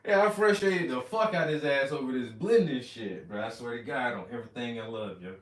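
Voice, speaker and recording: Male painter host, loose animated storyteller with profanity; recorded in a room with some reverb, mic at a distance. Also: medium pitch, fairly quick. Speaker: oil painter hosting a livestream. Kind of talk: casual chat while painting.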